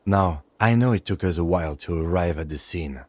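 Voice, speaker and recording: An actor voicing a calm, formal police lieutenant in a game, speaking in a measured way. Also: male voice, low voice, close to an everyday voice. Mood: composed. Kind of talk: game voice acting. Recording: dry dull game audio.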